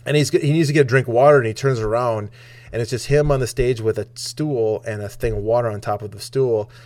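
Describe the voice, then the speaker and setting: A man talking casually on a podcast, rambling with many restarts and getting animated when he retells a comedian's bits. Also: medium pitch, quick pace. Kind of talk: casual chat.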